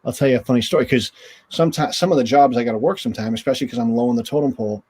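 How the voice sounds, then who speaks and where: A man in his forties, a guest in an interview, telling stories in a chatty, relaxed way full of fillers. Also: mid-range voice, rapid-fire, husky. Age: 40s. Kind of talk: casual storytelling in an interview.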